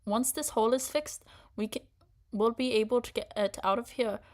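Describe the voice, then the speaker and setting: A woman's voice: on the high side, fairly even intonation, normal speed, a little mellow, natural voice. Woman reading a laid-back young male mechanic, friendly and matter-of-fact. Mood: practical.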